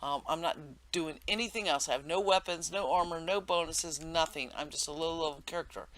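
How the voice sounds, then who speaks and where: A man talks through his gameplay in a loose, meandering way, piling on fillers and correcting himself as he goes. His voice sits a little high, with a bright, forceful edge. He sounds like he is at a desk mic, explaining things to viewers. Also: fairly quick. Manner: rambling, many fillers and self-corrections. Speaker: game tutorial narrator. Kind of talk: casual gameplay commentary.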